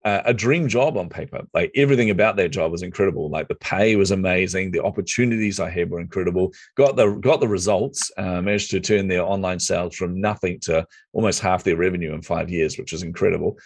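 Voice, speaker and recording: Fast-talking deep-voiced New man. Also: no echo. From New Zealand. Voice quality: lively storyteller who acts out quoted dialogue. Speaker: podcast guest. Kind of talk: casual storytelling interview.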